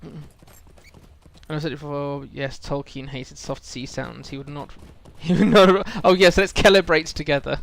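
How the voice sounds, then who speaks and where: A man's voice: a little high, steady tone, unhurried, creaky, fairly bright tone. A man streaming a game, chatting casually and rambling about lore with lots of fillers. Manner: musing, rambling lore talk with many fillers. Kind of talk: casual live-stream chat.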